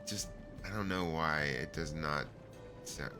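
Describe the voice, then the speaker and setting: A man's voice: a bass voice, slow. A middle-aged man streaming a video game, reading its dialogue aloud and making joking, self-mocking asides. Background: faint game music.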